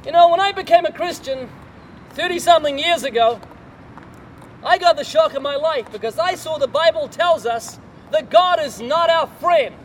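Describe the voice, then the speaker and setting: A man's voice: very high voice, normal speed, a little hiss or hum. An older man preaching a sermon, telling a story and putting rhetorical questions to the listener.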